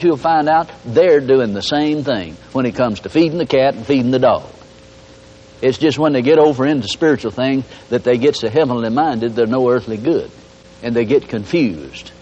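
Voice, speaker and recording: A man's voice: mid-range voice, darkish tone. A man preaching a radio sermon, folksy and homespun, with emphatic rising calls. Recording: dull lo-fi broadcast audio.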